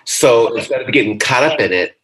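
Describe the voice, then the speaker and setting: A man being interviewed in a casual conversation, talking in a playful, animated way that jumps into high comic voices. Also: brisk, slight background noise, poor audio. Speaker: interview guest.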